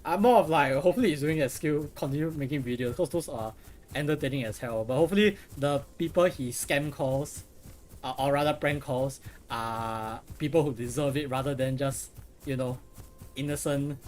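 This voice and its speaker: Rambling, profane young gaming streamer. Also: male voice, medium pitch, moderate pace, darkish tone. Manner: rambling, profane, restarts a lot. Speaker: game streamer. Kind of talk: casual live gameplay commentary.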